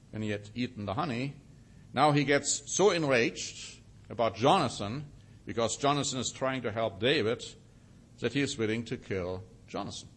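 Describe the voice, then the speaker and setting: A man teaching a sermon, reading scripture with rising emphasis and slowing down to stress single words. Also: medium pitch. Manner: reads scripture aloud with rising emphasis, then comments. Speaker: preacher.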